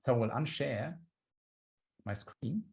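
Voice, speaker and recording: A man's voice: medium pitch, animated, takes it slowly, gravelly, darkish tone, husky. A man giving a talk on storytelling over a video call, explaining step by step and acting out quoted lines. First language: German. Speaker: guest speaker on storytelling.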